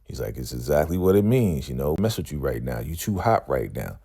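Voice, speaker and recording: A man's voice: very deep voice, a little fast, vocal fry, husky. A man casually recapping a TV episode, retelling scenes and acting out the characters' lines, often checking in with "right?". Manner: relaxed storytelling, acts out characters' lines, frequent "right?". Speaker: recap show host.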